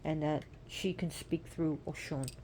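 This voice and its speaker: A woman retelling a myth with deep feeling, repeating phrases and asking the listener direct questions. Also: steady tone, measured pace, mellow, a little hiss or hum. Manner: impassioned, repetitive, asks the listener direct questions. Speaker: storyteller. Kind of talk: emotional oral storytelling of myth.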